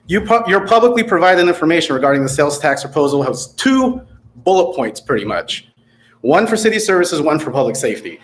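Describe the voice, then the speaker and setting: A man's voice: on the high side, big pitch swings, a little fast. A man giving a prepared, critical public comment at a city council meeting, sarcastic in tone. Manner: sarcastic, critical, reading from notes. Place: council chamber.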